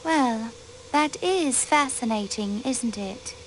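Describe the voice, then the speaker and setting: A woman's voice: on the high side, animated, slow, slight background noise. A woman voicing a secretive aristocratic countess with an American accent, guarded and full of buried grief, in a video game. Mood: cool, guarded. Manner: guarded, then openly grief-stricken. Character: aristocratic countess hiding her past, grieving.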